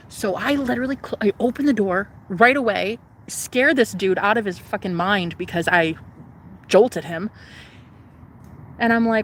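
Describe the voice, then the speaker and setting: A young woman vlogger telling a personal story in an animated, profane, casual way, jumping between voices. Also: mid-range voice, measured pace, a little hiss or hum.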